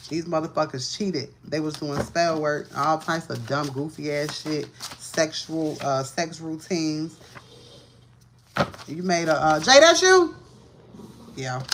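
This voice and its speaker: A woman's voice: sits low, a little hiss or hum. Profane, ranting woman tarot reader. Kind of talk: live-streamed tarot reading. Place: home.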